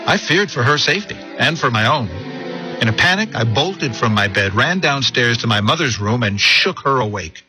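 A man tells his life story in a reflective, earnest narration with a voice of middle pitch. Music is clearly heard under his words. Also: expressive, moderate pace. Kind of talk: personal testimony narration.

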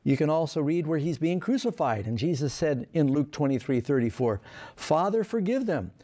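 A man's voice: fairly high pitch, expressive, brisk, mellow. A man preaching a sermon, reading scripture aloud and stressing key lines with earnest emphasis.

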